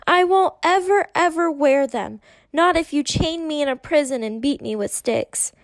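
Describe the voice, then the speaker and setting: A woman's voice: sits high, lively intonation, a little slow, no echo, voice pushed up. A woman voicing a stubborn, sulky little girl who wails and bellows her complaints. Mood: indignant. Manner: wailing and bellowing.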